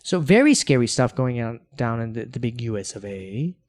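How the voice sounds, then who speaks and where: A man co-hosting a casual podcast, chatting at an ordinary middle pitch. He tells stories with real animation, jumps into quoted voices and trips over restarts as he goes. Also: moderate pace. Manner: animated storyteller, acts out quotes, many restarts. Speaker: podcast co-host.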